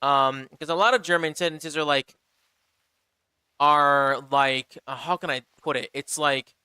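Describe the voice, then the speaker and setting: An American man chatting casually on a game live stream, rambling and animated, with lots of fillers and restarts. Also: a little high, a little slow, clean tone, dry recording. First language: English.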